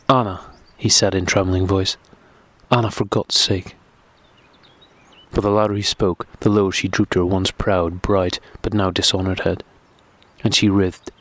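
A man narrating a classic novel audiobook in a steady, measured reading. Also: sits low, dry recording.

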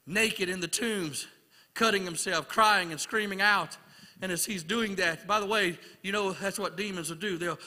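A man preaching a sermon as an evangelist in a church, building rhythmic repeated questions up toward shouts. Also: high voice. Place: church sanctuary. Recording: long church hall reverb.

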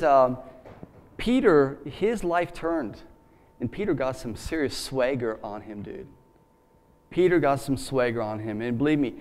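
A man's voice: medium pitch, a little mellow. A man preaching a sermon in church, in a conversational, folksy way with many fillers and asides. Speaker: pastor.

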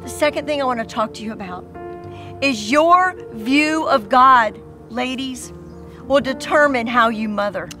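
A woman's voice: a little high, measured pace, pushed and bright, soft background music. A woman pastor preaching a sermon to mothers, earnest and repetitive as she tells stories.

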